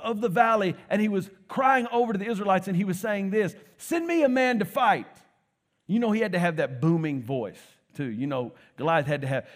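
A man preaching a sermon in a church, retelling a story with jokes and casual asides. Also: fairly high pitch. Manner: lively storytelling, joking asides.

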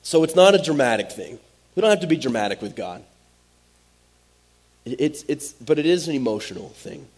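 A man's voice: fairly high pitch, lively intonation, normal speed, pauses often, darkish tone, slightly rough. A man, preaching a sermon as pastor in a direct, conversational way. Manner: direct, conversational, Southern-tinged "y'all" asides.

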